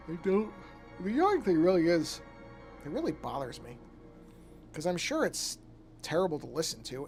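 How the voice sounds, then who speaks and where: Man, middle-aged, gravelly voice, yawning, thinking aloud, casual art stream talk, faint music behind. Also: fairly high pitch. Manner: rambling, thinks aloud, frequent restarts. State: yawning often. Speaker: artist streaming his work. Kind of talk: casual live-stream talk while painting.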